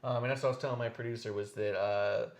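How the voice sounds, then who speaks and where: A man hosting a casual wrestling podcast, telling stories with lots of swearing and lively animation. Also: mid-range voice, fast. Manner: animated, profane storytelling. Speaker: podcast host.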